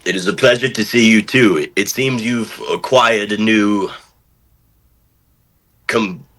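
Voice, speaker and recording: A man playing his character at a tabletop game, halting and repeating words as he speaks. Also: fairly low pitch, fairly bright tone, rough recording. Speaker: player.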